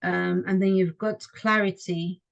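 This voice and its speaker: A woman's voice: fairly low pitch, fairly even intonation, unhurried, gravelly, lo-fi sound. Polite woman asking a question on a call. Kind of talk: casual question in a group call.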